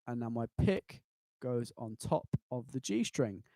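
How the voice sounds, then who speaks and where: A man's voice: medium pitch, animated, a little slow, dark tone, slightly rough, no echo. Encouraging male guitar teacher, dry close voice. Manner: encouraging, patient, counts students in; chants rhythm syllables in time. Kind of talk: live online guitar lesson. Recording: guitar playing behind voice. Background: acoustic guitar.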